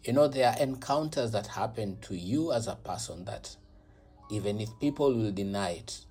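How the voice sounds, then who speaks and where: A man's voice: on the low side, expressive, normal speed, darkish tone, husky, soft background music. A man giving an earnest devotional reflection and then leading a repetitive prayer, sometimes dropping to a whisper. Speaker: prayer leader.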